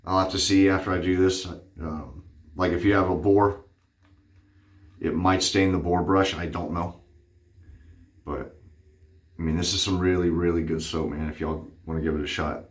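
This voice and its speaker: A man's voice: deep voice, fairly even intonation, moderate pace, pauses often, echoey room. A man chatting casually through a shaving vlog, rambling with plenty of fillers and a little out of breath. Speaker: wet shaving vlogger.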